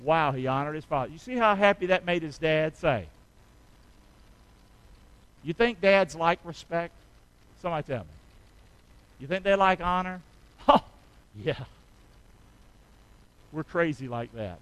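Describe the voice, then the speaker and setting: Middle-aged male pastor, high bright voice, call-and-response preaching with amens. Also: poor audio. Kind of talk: sermon.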